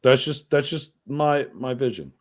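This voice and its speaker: A man's voice: medium pitch, lively intonation, a little slow. A man from New York hosting a podcast, talking in a crude, rambling, profane way. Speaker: podcast host. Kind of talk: casual chat.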